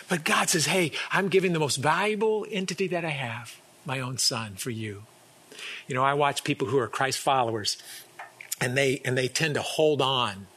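A middle-aged pastor preaching a sermon, earnest, often repeating words and acting out little quoted exchanges. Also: male voice, on the high side, fairly bright tone, breathy edge.

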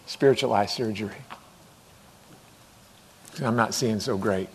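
A man's voice: lowish voice, a little slow, a little hiss or hum. A middle-aged man preaching a sermon as pastor, conversational and acting out voices as he goes. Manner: conversational, acts out voices with rising intensity.

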